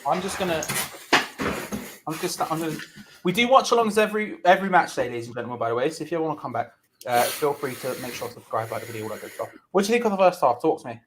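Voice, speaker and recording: A man's voice: a little high, very animated, very fast. Joking man on a noisy stream. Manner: joking, playful, talks over others. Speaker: watch-along host. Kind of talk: casual chat.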